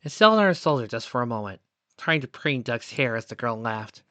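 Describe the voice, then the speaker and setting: A man reading fan fiction aloud as narrator, in a soft, steady storytelling voice. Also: medium pitch, a little fast, dry recording.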